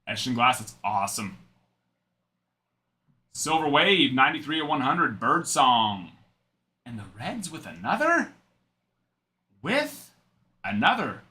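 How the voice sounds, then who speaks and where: A man's voice: mid-range voice, big pitch swings, measured pace, pauses often, pushed and bright. A young adult man hosting a live card-break stream, chatting and rambling in asides while he reads out cards.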